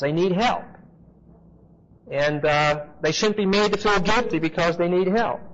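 Brief: male Bible teacher with a fairly high voice, chatty and emphatic, heard on a dull lo-fi tape. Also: a bit bright. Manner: conversational, emphatic, checks in with the class. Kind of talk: expository Bible teaching to a class. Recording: dull lo-fi recording with faint hiss.

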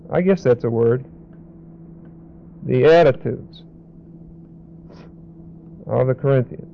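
Guy teaching bible verses real slow, repeats and spells out words, muffled old recording. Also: a little high, creaky. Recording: dull lo-fi recording.

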